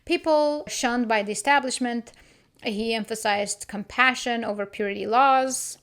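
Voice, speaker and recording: Chatty higher-voiced woman podcaster. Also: fairly bright tone, smooth. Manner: chatty, thinks aloud with restarts and quick laughs. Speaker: podcast host. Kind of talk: casual solo podcast monologue.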